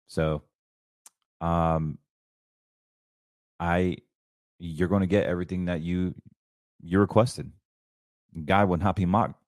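Male show host, lower voice, fervent and preachy, dry recording. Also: steady tone, slow pace, long pauses, a little mellow, no echo. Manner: fervent, preachy, rambling with restarts. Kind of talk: casual financial commentary.

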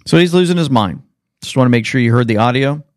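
A man hosting political commentary in an animated, sarcastic manner, reacting to clips. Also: mid-range voice, quick pace, heavy background noise. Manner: animated, sarcastic, jumps between clips and remarks. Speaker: commentary host.

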